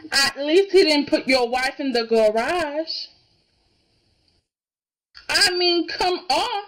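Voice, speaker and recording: A woman's voice: high-pitched, expressive, very slow, pauses often, background noise. A woman giving a casual, indignant reaction review of a soap opera, emphatic and keeps asking "okay?".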